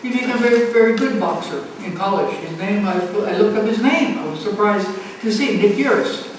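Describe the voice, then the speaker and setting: A woman's voice: mid-range voice, a little fast. A woman in her nineties telling a personal story at a community center gathering, acting out the voices of the people in it and laughing as she goes. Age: 90s. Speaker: storyteller at a family event. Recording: echoey hall, mic far off, faint hum.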